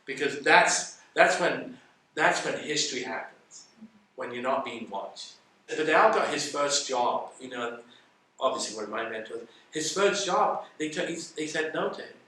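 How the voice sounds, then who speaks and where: A man with a bright, forceful voice talks through stories in a relaxed interview, acting out the lines of the people in them. He is picked up from a distance in a very echoey room with a little background noise. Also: medium pitch, unhurried. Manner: animated, acts out quoted dialogue. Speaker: interview guest. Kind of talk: casual interview storytelling.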